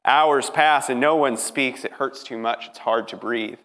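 A man voicing a dying male thief on a cross, weary and hopeful, speaking quietly in a strained, solemn way. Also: medium pitch, unhurried. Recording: long reverb hall.

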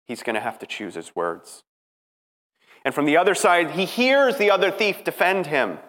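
A man preaching a dramatic sermon, emphatic, moving from hushed passages to rising ones. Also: a little high, sing-song, normal speed. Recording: preaching in a reverberant hall.

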